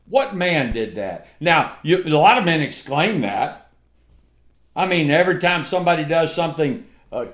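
Male preacher, slow deliberate sermon delivery, lively pitch that rides up and down, punchy emphasis. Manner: slow, emphatic, with dramatic swings in loudness.

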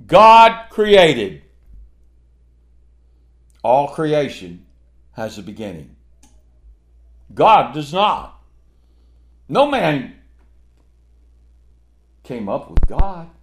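Male preacher, slow deliberate sermon delivery, lively pitch that rides up and down, punchy emphasis. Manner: slow, emphatic, with dramatic swings in loudness.

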